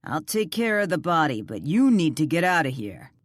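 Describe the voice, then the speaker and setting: A woman narrator voicing an angry man who shouts commands at a stranger, in an audiobook. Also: sits low, big pitch swings, normal speed, no room sound. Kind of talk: audiobook character voice.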